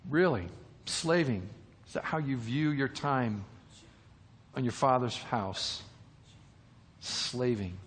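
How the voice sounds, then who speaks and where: A man's voice: mid-range voice, measured pace, in a large hall. A man preaching a sermon, retelling a parable with repeated words and rhetorical questions.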